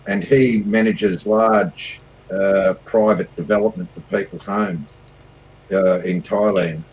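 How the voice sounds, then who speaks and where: A man's voice: low-pitched, fairly even intonation, slow, darkish tone, slightly rough, dull audio. A man with an Australian accent calling in for a casual chat, hesitant and full of fillers. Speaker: guest caller.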